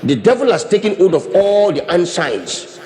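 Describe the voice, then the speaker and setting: A man's voice: high voice, sing-song, moderate pace, darkish tone. A man preaching a sermon as pastor, talking animatedly, repeating and restarting phrases as he demonstrates with his hands. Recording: long reverb of a hall.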